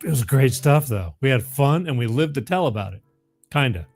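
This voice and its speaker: A man with a middle-pitched voice hosting a live call-in show, chatting loosely and wandering between thoughts. He keeps circling back to the phone number, and faint music plays under him. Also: expressive, normal speed, a little mellow, husky. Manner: rambling, repeats the phone number. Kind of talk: casual live call-in chat.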